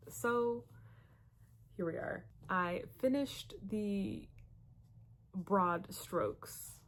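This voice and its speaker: A young woman talks casually through her writing plans in a vlog, her voice a little low. She takes her time, stopping often on fillers as she thinks aloud. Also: vocal fry. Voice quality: slight lisp from retainers. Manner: chatty, with frequent fillers and laughs. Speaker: writing vlogger. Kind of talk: casual chat.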